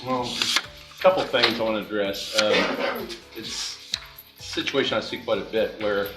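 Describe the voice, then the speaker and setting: A man serving as defense attorney, arguing before the judge in a halting way with frequent pauses and restarts. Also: medium pitch. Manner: halting, many fillers and restarts. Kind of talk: courtroom argument. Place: courtroom. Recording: echoey courtroom from far off.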